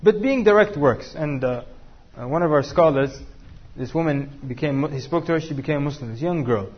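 A man's voice: fairly high pitch, moderate pace, husky, muffled recording. A man teaching a class, joking and asking the room questions. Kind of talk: interactive class talk with students.

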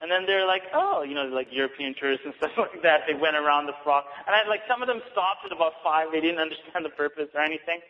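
A man with a high voice gives a casual religious talk, chatty and quick to laugh as he acts out little scenes. The sound is dull and carries a long reverb from a large hall. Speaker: Islamic teacher.

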